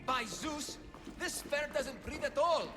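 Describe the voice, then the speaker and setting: A man's voice: very high-pitched, slow. An actor playing a bumbling, cheerful father in a Minotaur costume in a video game, with an eager, theatrical manner. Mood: flustered. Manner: theatrical, eager, boastful roaring. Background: game music.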